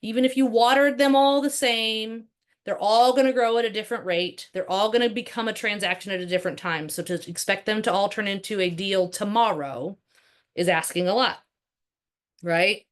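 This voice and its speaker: A woman teaching a live workshop as a real estate trainer. She talks in a lively, conversational way full of rhetorical questions. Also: medium pitch, moderate pace.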